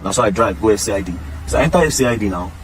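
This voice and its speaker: A man's voice: lowish voice, very fast, a little hiss or hum. A man with a Nigerian Pidgin English accent, talking straight to camera and pleading emphatically in pidgin. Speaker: social media commentator. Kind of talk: casual monologue to camera.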